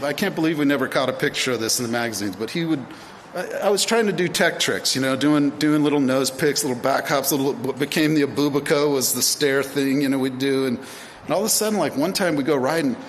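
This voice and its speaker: At an induction ceremony, an American man in his fifties with a fairly high voice speaks briskly, telling stories in a rambling way full of fillers and restarts. The large hall adds long reverb, with faint ambient noise underneath.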